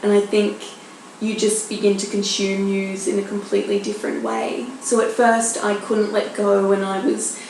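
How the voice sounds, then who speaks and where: A woman's voice: mid-range voice, normal speed, gravelly, darkish tone. An Australian woman in her thirties, a journalist telling anecdotes in a podcast interview, acting out the voices she quotes. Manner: chatty storyteller, acts out quoted voices. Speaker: journalist guest. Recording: very echoey room, faint noise.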